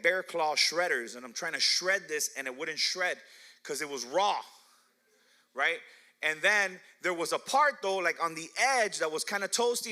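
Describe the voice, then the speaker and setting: Bright-voiced man preaching with playful stories. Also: a little high. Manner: playful storytelling, laughs often, asks the crowd. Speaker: pastor. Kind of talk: sermon with personal stories. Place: church hall.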